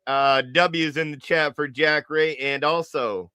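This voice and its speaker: A man hosting a livestream, mocking and joking through his reaction commentary. His voice is high, bright and smooth, and he drawls his jokes out slowly. The sound is close and dry. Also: steady tone, no echo. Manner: teasing, joking, drawn-out repetition. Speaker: livestream host.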